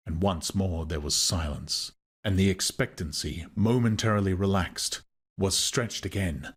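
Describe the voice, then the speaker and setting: Slow, measured male audiobook narrator. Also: low voice, slightly rough. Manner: measured, expressive reading. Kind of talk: scripted narration.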